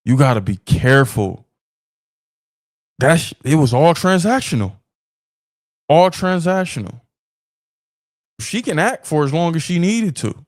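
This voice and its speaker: A man hosting his podcast with a slightly high voice that sits close and dry, no room around it. He talks in an animated, opinionated way, repeating lines to hammer them home and chuckling between points. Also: measured pace, pauses often, dry recording. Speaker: podcast host. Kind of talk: opinionated commentary.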